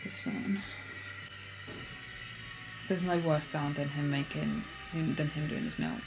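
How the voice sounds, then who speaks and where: A woman's voice: deep voice, steady tone, takes it slowly, background noise. A woman chatting casually and candidly in a reading vlog, talking straight to her camera. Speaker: book vlogger.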